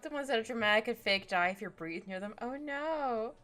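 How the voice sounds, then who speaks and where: Woman streamer, casual chat while drawing, gushing and giggly, high voice. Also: a little fast, soft background music. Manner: rambling, giggly, gushing and excitable. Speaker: streaming artist.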